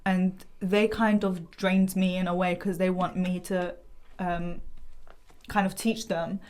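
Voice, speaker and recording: A woman's voice: lowish voice, flat delivery, a little mellow. Emotional young woman giving testimony. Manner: emotional, halting, with restarts and nervous laughs. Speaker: guest sharing her family's story.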